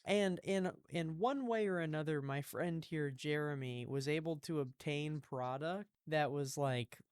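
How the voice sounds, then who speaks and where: A man's voice: on the high side, unhurried, smooth, no echo, clean studio sound. A man hosting a podcast, chatting casually with wry jokes. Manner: joking, wry. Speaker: podcast host. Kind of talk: casual chat.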